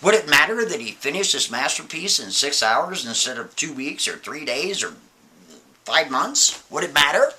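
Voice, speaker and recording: A man's voice: fairly high pitch, very animated, moderate pace, pushed and bright, heavily acted. A man voicing a fretful painter muttering. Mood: musing. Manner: fretful, questioning himself aloud. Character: anxious male painter talking to himself.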